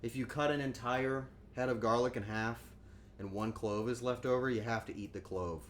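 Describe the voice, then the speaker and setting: A man's voice: medium pitch, steady tone, moderate pace, slight background noise. A man chatting casually on a cooking stream, joking and rambling, and acting out quotes in goofy voices.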